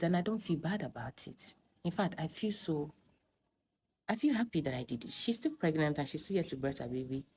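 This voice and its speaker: Very deep-voiced woman telling a story. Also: darkish tone, a little hiss or hum. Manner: emphatic, dramatic storytelling. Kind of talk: personal storytime confession.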